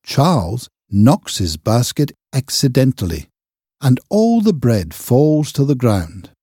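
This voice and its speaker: A man narrating a simple children's reader slowly and carefully. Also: medium pitch, sing-song, mellow, no echo, clean studio sound. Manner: slow, clear, careful reading. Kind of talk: graded reader audiobook narration.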